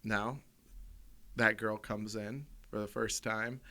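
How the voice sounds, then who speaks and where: A man's voice: fairly low pitch, steady tone, slow pace, bright, forceful tone. A man with an American accent co-hosting a comedy podcast, telling profane stories and laughing through them. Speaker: podcast co-host. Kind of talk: casual storytelling.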